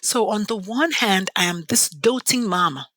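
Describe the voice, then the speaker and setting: In this close, dry interview recording with no room sound, a passionate woman from Nigeria shares her story as a podcast guest. Her bright voice has lively, wide-ranging intonation, and she leans heavily on dramatic pauses.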